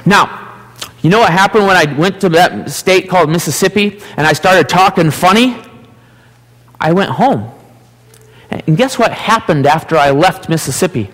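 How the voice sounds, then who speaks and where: A man with an Upper Midwest American accent, leading a children's message in church and gently asking the kids playful questions. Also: high-pitched, lively intonation, normal speed. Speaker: pastor giving a children's message. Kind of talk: children's sermon. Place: church sanctuary. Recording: long church hall reverb.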